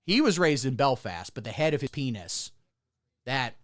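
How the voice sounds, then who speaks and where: A man's voice: medium pitch, big pitch swings, moderate pace. Sarcastic man ranting in mock-pundit style. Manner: mock-pundit persona, jumping between loud outbursts and muttered asides; sarcastic and crude. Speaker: comedy livestream host. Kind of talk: satirical political comedy rant. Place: indoor room under hot studio lights.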